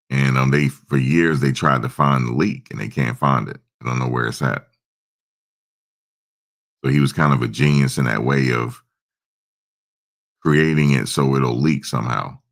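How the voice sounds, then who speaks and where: Very deep gravelly-voiced man rambling. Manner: rambling, chats with viewers' comments. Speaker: livestream host. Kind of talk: casual live-stream chat.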